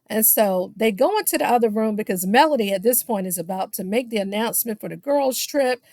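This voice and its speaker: A woman's voice: fairly high pitch, expressive, fairly quick, darkish tone, no echo, clean studio sound. A woman recapping a reality show in a casual, gossipy way, full of sassy shade, and she keeps calling her listeners "child.". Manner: sassy, shady asides, keeps saying "child"; mimics the people she quotes.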